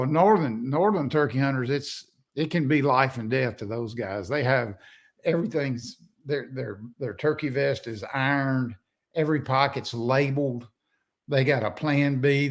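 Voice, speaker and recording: An older man, a podcast guest telling folksy, rambling stories with many restarts. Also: mid-range voice. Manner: folksy, rambling, self-interrupting. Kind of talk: casual storytelling.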